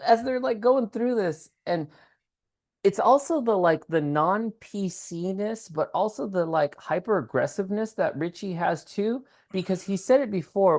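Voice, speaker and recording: A woman's voice: fairly low pitch, darkish tone. A woman co-hosting a podcast in casual, slangy chat about a TV show. She swears freely and laughs often as she talks. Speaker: podcast co-host.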